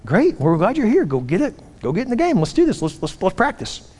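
A man putting on a middle-aged football coach who stammers in eager bursts, his voice pushed up high. He sounds as if he is speaking in a large hall with a long, echoing reverb. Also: huge pitch swings, a little fast, full character voice. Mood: rallying. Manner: stammering, warm urging.

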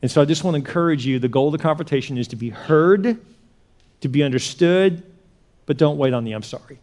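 A man preaching a sermon as pastor, talking conversationally and repeating words as he goes from quiet asides to animated retellings. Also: on the high side, fairly quick.

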